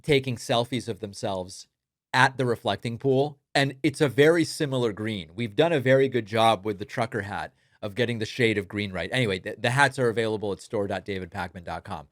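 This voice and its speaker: A man's voice: lowish voice, a little fast, dry recording, clean studio sound. A man hosting political commentary, talking sardonically over speech clips and mocking the quotes.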